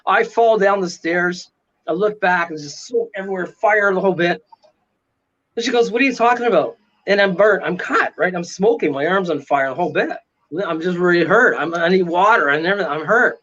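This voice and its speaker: A man telling a dramatic story in an animated way during a casual interview, often asking "right?". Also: high-pitched, normal speed, muffled recording, slight background noise. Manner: excitable, dramatic retelling with frequent "right?". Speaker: paranormal investigator guest.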